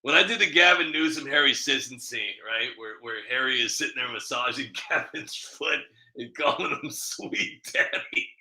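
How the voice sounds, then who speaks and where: A middle-aged man, a comedy creator, talking candidly to his audience in a rambling, self-mocking way with a slightly rough voice. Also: medium pitch, moderate pace, hardly any pauses, bright, forceful tone, low-quality recording. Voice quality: a bit rough, smoker-like. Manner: rambling, candid, laughing at himself. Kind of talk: casual commentary to camera.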